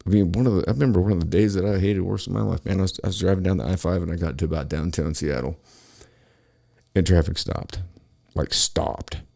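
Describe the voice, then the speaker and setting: A man's voice: sits low, fast, vocal fry, mellow. A man hosting his own show, delivering an angry, profane solo rant about politics. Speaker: podcast host.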